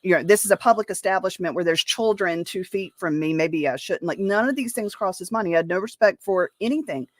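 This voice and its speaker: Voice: medium pitch, fairly quick, hardly any pauses, no echo. Earnest speaker in a podcast chat.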